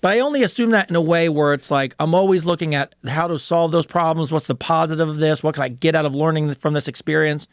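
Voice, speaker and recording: A man's voice: fairly high pitch, quick pace, hardly any pauses, clear, resonant tone, dry recording, studio quality. A man co-hosting a casual podcast, speaking frankly and matter-of-factly and swearing casually. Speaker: co-host.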